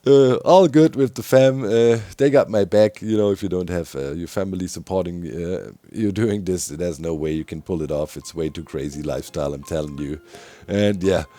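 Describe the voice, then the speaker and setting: Middle-aged man, German accent, deep-ish and tired, chuckling gaming commentary, dry close mic. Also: normal speed, mellow, no echo, faint music behind. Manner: rambling, chuckling often, many fillers. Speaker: gaming YouTuber.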